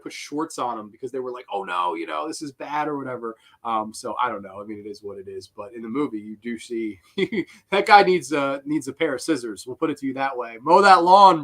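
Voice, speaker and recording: A man's voice: fairly high pitch, pushed and bright. A young man hosting a live film commentary, rambling and swearing, often laughing. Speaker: host.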